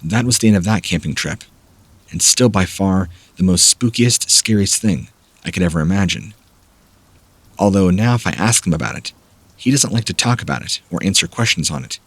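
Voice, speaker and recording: Deep husky male horror narrator. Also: no room sound. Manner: steady, measured storytelling. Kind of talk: scripted narration of scary stories.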